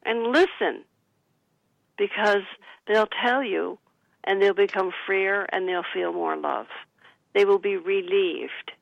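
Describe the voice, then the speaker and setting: A woman author and psychic, a guest on a radio talk show, calmly giving advice and suggesting what to say. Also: mid-range voice, slow, vocal fry, pauses often, no room sound, dull audio. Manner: calm, counseling, gives sample phrases to say.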